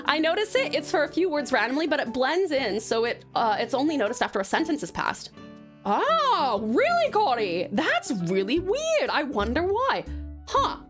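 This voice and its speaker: A woman's voice: high voice, big pitch swings, a little fast, over music. A young woman from Australia with an Australian accent tinged with American, chatting bubbly on a live stream, greeting viewers with pet names and laughing often. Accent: Australian with American traces. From Tasmania, Australia. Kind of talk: casual live-stream chat.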